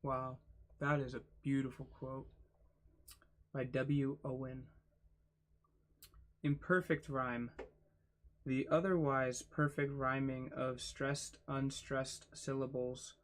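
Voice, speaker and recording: A man reading a book aloud for his channel, spelling out words letter by letter and adding quiet asides. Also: mid-range voice, level tone, slow pace, pauses often. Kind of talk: casual read-aloud.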